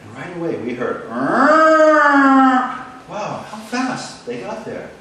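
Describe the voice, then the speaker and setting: On stage, a man tells a story dramatically and animatedly, pausing for effect. His voice sits on the high side, and a distant mic picks him up in a large echoey hall with a little hiss or hum.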